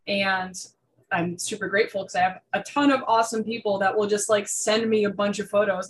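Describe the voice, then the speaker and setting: A woman's voice: medium pitch, brisk, poor audio. Young woman gushing about reptiles. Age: young adult. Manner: chatty, full of fillers and restarts. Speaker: guest artist. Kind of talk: casual interview chat.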